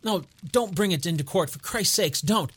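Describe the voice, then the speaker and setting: A man's voice: sits high, animated, moderate pace, husky, voice pushed up. A man voicing a terrified young hotel thief who shrieks and begs for mercy. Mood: pleading. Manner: shrieking, desperate, cringing.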